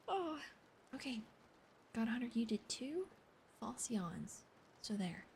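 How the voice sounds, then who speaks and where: A young woman in whispered role-play, reading a novel aloud and chatting softly with her stream's viewers. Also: on the high side, very animated, measured pace, creaky, long pauses, a little hiss or hum. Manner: whispers the reading, chats with viewers in a soft voice between passages.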